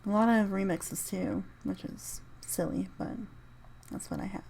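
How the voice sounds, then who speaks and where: Podcast host, woman, easygoing solo ramble through a playlist, mid-pitched voice. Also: unhurried, creaky, darkish tone, breathy edge. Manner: rambling, reads out a music list, spells out names.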